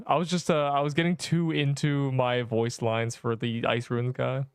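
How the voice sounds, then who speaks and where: Excitable male gaming streamer. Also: medium pitch, normal speed, clean tone, dry recording, studio quality. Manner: excitable, laughing, rambling asides. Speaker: livestreamer. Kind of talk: gameplay livestream commentary.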